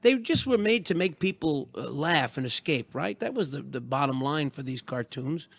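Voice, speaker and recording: A man's voice: on the high side, big pitch swings, moderate pace, creaky. A man co-hosting a call-in radio show, telling stories and quizzing the caller with enthusiasm. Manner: storytelling, enthusiastic, asks questions. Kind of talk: casual radio chat.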